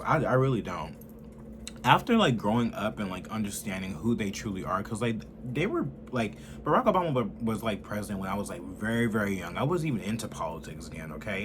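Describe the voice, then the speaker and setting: A man in his twenties ranting heatedly and profanely in a political commentary, swinging from loud outbursts to low muttering. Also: background noise. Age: 20s.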